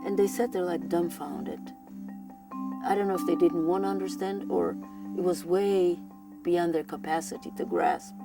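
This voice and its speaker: An elderly woman from Europe recounts her own story in a slightly low voice, earnest and halting, often circling back on her words. Soft instrumental music plays clearly beneath her. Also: fairly even intonation. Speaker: Holocaust survivor giving testimony. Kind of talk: personal testimony, recalled aloud.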